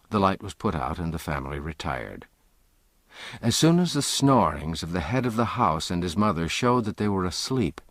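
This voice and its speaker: A man narrating a classic novel as an audiobook, measured and expressive. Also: low-pitched, no echo.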